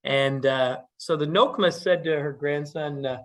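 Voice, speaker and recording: A man telling a traditional story casually at a community meeting, relaxed and animated. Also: fairly high pitch, unhurried, hardly any pauses.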